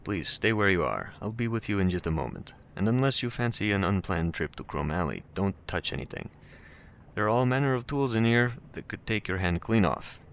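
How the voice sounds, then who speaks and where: A man voicing a pleasant, cultured man in a game, using a put-on Russian accent and a smooth, courteous manner. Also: lowish voice, very animated, brisk, fairly bright tone, a little hiss or hum, heavily acted.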